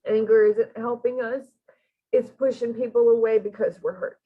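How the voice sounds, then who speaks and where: A woman speaking in a gentle, earnest way as she gives spiritual counseling in a channeling session. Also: on the high side, steady tone, moderate pace, narrow, tinny audio. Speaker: channeling medium.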